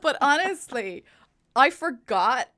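Woman, sarcastic film chat, slightly high voice, bright, ranting. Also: very animated. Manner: wry, sarcastic, quick rants. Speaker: podcast co-host. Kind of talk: casual film review chat.

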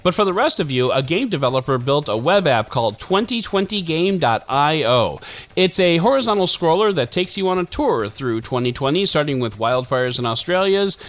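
A man's voice: a little high, sing-song, normal speed, fairly bright tone. A man in his forties hosting a tech podcast, reading a scripted news roundup with puns and self-mocking asides.

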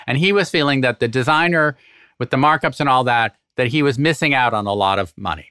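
Bright-voiced man, moderator, inquisitive, dry sound. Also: mid-range voice, a little fast, clear, resonant tone, no room sound. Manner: probing questions. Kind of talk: panel discussion.

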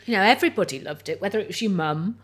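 A woman, a guest chatting over lunch and telling stories in a relaxed, chatty way. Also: mid-range voice, racing. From North Wales. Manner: chatty storyteller, lots of "like" and "you know". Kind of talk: casual chat over lunch.

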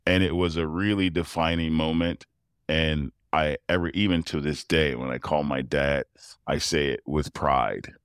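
A middle-aged man with a very low, deep voice tells personal stories in an interview, acting out the people he quotes and breaking into laughter along the way. He is recorded close to the mic in a dry space with no room echo. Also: measured pace, smooth. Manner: animated storyteller who acts out quoted voices and laughs often. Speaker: interview guest, professional tuba player. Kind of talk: storytelling in a casual interview.

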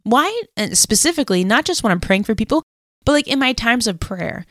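A woman's voice: on the high side, lively intonation, a little fast, a bit bright, no room sound, clean studio sound. A woman co-hosting a casual faith podcast, telling a story in a chatty, rambling way full of "like" and self-deprecating laughs. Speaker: podcast co-host.

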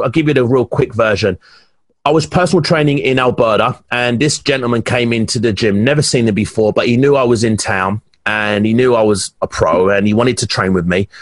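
A man's voice: mid-range voice, no echo. A man from England, a professional bodybuilder, telling stories animatedly in a casual podcast interview. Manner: animated storyteller, many restarts. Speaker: guest, pro bodybuilder.

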